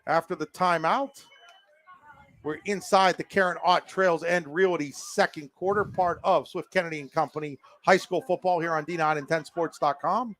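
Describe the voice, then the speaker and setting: A man calling live high school football play-by-play, with quick, excitable calls and frequent fillers. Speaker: play-by-play announcer.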